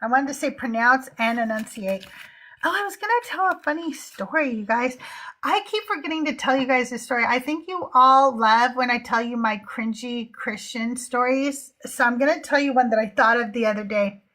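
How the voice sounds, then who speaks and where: A woman's voice: a little high, normal speed, bright, forceful tone. A middle-aged woman hosting a live call-in stream, chatting casually and often laughing at herself. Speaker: host of a live call-in show. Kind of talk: casual livestream chat.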